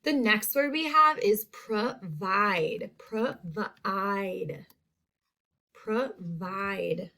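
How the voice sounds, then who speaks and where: Slow, clear-speaking woman teacher. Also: medium pitch, sharp tone. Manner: slow, clear word-by-word enunciation. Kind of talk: recorded spelling lesson for young students.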